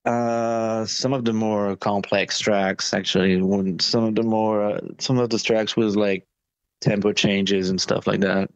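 Man, low voice, dry dull sound, casual hesitant answers. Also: little pitch movement, smooth, no echo. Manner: halting, many restarts and fillers. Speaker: touring musician, interview guest.

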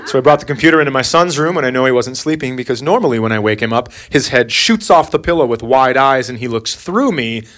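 A man's voice: mid-range voice, animated, quick pace, few pauses, fairly bright tone. A middle-aged man doing stand-up, telling a story about his son in a wry, exasperated dad voice. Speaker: stand-up comedian. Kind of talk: stand-up storytelling to a live crowd. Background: audience laughter.

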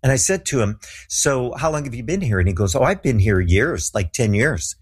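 A middle-aged man with a husky, slightly breathy voice recounts a story in a relaxed interview. He talks in an animated way and slips into the voices of the people he quotes. His pitch sits in an ordinary middle range. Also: fairly quick. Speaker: guest telling a story.

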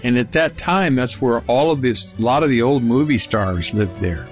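An older storyteller from Palm Springs, California, shares a casual personal anecdote in a folksy, rambling manner, often restarting his sentences. His medium-pitched voice has lively intonation at a normal speed, with soft music in the background.

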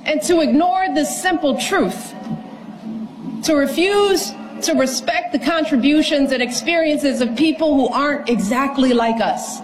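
High-voiced woman giving a formal speech. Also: unhurried. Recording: speech clip with clear background noise.

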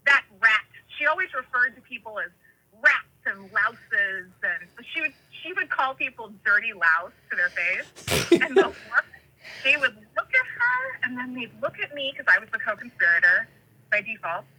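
A woman from California tells animated stories in a very bright, husky voice. She rambles and wanders into tangents, padding her talk with plenty of fillers. Her voice sits a little high. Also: normal speed, rough recording. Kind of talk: casual storytelling chat.

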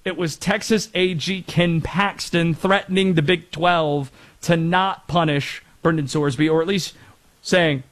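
A man's voice: a little high, steady tone, measured pace, a bit bright. A man from North Carolina hosting a casual sports talk show, chatty with rambling asides. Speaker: sports radio host.

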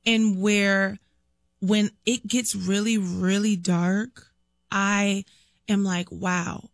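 A woman's voice: medium pitch, flat delivery, drawn-out words, creaky, dry recording, clean studio sound. A woman guest chatting in an interview, telling stories animatedly, acting out quotes and laughing often. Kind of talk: casual interview chat.

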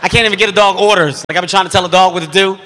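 A man's voice: high-pitched, steady tone, racing, pushed and bright, slight background noise. A man telling a stand-up story with intense, profane energy. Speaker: stand-up comedian. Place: comedy stage before a live audience. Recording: long hall reverb.

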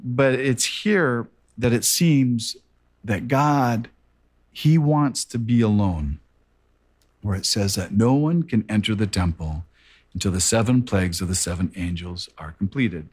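A man preaching a sermon in an earnest, measured way, repeating words for emphasis. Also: lowish voice, a little mellow, husky.

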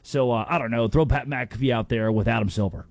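Male sports talk host, mid-pitched, animated and opinionated, stumbles into restarts. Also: gravelly. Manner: animated, opinionated, with quick restarts and playful impressions.

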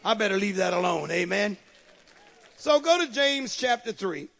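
A man's voice: high-pitched, expressive, normal speed, gravelly, fairly bright tone, some chatter behind. A man preaching a sermon as pastor, calling out to the congregation and repeating key phrases.

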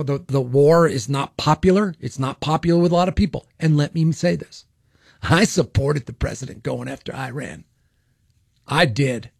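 A man's voice: a little high, dry recording, studio quality. A man hosting a political talk radio show, speaking bluntly and opinionatedly, often restarting and repeating himself. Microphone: studio microphone.

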